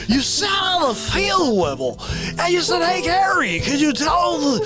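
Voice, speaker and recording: A man doing an impression of a rambling, boozy old male baseball announcer, with loud, drawn-out shouting. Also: very high-pitched, sing-song, over music, pitched above the performer's own voice, full character voice. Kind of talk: celebrity impression on a live comedy stream.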